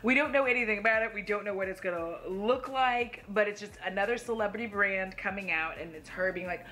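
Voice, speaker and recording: A woman's voice: medium pitch, quick pace, few pauses, bright, forceful tone. A young woman giving blunt, sassy makeup commentary from home, swearing casually. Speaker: beauty YouTuber.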